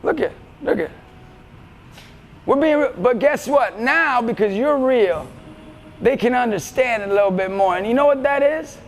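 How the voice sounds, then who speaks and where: A male motivational speaker giving an energetic talk to students, often shouting to rally them. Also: very high-pitched, moderate pace, long pauses, a little hiss or hum. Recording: reverberant hall, faint music behind.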